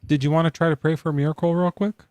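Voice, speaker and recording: A man's voice: fairly high pitch, little pitch movement, very fast, darkish tone, no echo. Rambling, joking man hosting a live debate. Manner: loose, rambling, joking, lots of likes and ums. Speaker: podcast host taking callers. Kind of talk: casual live debate chat.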